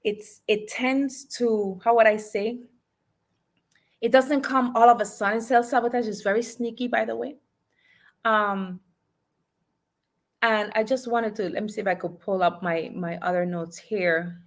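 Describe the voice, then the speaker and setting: A woman's voice: medium pitch, steady tone, measured pace, long pauses. A woman, a life and business coach, giving emphatic motivational podcast talk and urging listeners to repeat affirmations.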